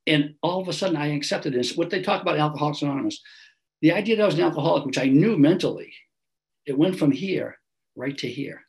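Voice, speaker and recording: A man's voice: fairly high pitch, fast, creaky, rough recording. A man, telling his recovery story in an earnest, conversational way over a video call. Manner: earnest, conversational, repeats phrases, frequent "right?". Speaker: recovery meeting speaker. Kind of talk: personal testimony talk.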